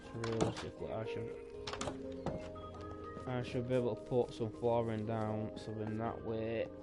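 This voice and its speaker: A tired man, thinking aloud as he plays a building game. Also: mid-range voice. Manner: thinking aloud, rambling and musing. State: tired and sleepy. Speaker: gaming streamer. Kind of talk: casual gameplay commentary. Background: background music.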